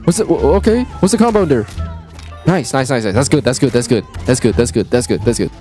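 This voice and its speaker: A young man streaming a fighting game, cursing at the characters and going from low muttering to shrieks. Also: expressive, quick pace. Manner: profane, trash-talks the fighters, swings from low muttering to shrieks. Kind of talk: live gameplay commentary. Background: game music.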